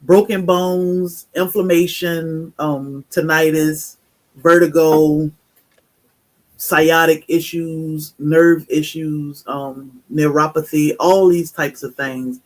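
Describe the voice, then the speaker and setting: A woman guest on a casual live stream, speaking earnestly about her product and pausing often with fillers. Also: deep voice, fairly even intonation. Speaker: guest, natural product maker.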